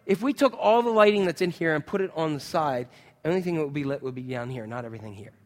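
A man preaching a sermon in a church, conversational and animated, full of rhetorical questions to the congregation. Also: fairly high pitch, fast, big-room sound. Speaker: pastor. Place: church sanctuary.

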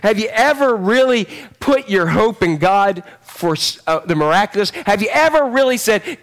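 A man preaching with a high, lively voice. He is middle-aged and animated, and he calls out to the congregation as he goes. His delivery swings between loud passages and hushed ones. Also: normal speed. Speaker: pastor. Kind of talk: sermon.

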